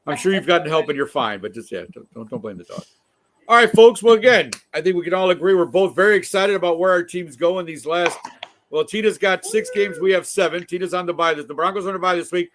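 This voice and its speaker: A man's voice: high-pitched, fast talker, a bit bright, slight background noise. A man hosting a casual talk show, chatting and joking asides to the audience. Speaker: host. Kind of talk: casual chat.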